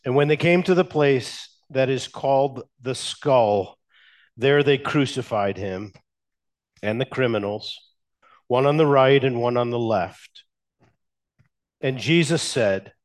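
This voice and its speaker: A man preaching a sermon as a pastor, speaking in slow, measured phrases with emphatic pauses and asking the congregation questions. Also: fairly high pitch.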